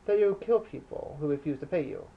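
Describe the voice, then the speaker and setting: A man's voice: on the high side, expressive, fairly quick, vocal fry, slightly rough, narrow, tinny audio, full character voice. A man voicing a nervous male Cuban gang dealer who speaks timidly and hesitantly.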